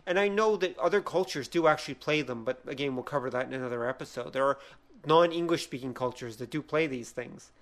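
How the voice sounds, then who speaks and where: A man's voice: medium pitch, fast, fairly bright tone. A man co-hosting a podcast, talking casually and rambling with fillers. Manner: rambling, hesitant. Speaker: podcast co-host. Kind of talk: casual chat.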